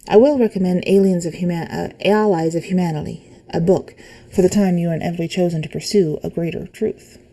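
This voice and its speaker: A woman reading spooky stories aloud in a calm, even way, adding short comments of her own. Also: on the low side, poor audio. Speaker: reader of online stories.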